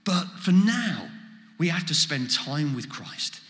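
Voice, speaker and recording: Animated preacher in an echoey hall. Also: male voice, a little high, takes it slowly. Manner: animated, acts out quoted exchanges. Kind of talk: sermon. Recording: echoey hall with long reverb.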